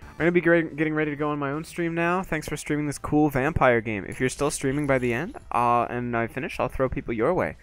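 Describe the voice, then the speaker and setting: A man streaming a video game live, excitably talking himself through boss fights and swearing often. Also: a little high, fast talker, faint music behind. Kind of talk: live gameplay commentary.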